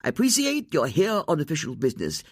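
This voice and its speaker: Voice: medium pitch, wildly swooping pitch, fast, dry recording, clean studio sound, voice pushed up. The audiobook narrator voicing a pompous middle-aged lord who drawls and stammers through evasive answers. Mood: defensive.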